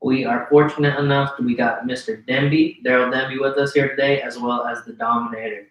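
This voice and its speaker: A laid-back man hosts a casual podcast, greeting his co-hosts like old friends. He keeps breaking off to hold his breath against hiccups. His mid-pitched voice rings in a roomy, echoey space. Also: flat delivery, a little fast, a bit bright, far from the mic. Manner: laid-back, chummy, loose. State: has the hiccups. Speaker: podcast host. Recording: roomy echoey home studio.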